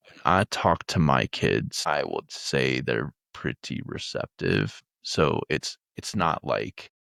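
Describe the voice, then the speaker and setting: A man's voice: extremely low pitch, gravelly, a bit bright, no echo, clean studio sound. A man in his forties co-hosting a podcast, easygoing and stumbling over his first words. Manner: easygoing, repeats words when starting. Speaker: podcast co-host. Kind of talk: casual podcast chat.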